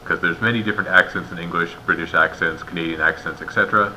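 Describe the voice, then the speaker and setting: A man's voice: low voice, steady tone, fast, sharp tone, lo-fi sound, slight background noise. A man giving a methodical step-by-step walkthrough as an instructor, explaining each point and posing rhetorical questions. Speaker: instructor guiding raters.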